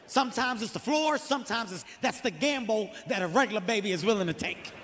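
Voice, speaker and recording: Brief: male stand-up comic, high voice, rapid profane storytelling, live hall reverb. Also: a little hiss or hum. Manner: animated, profane storytelling with acted-out quotes. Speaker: stand-up comedian. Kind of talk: stand-up comedy. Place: theater stage before an audience.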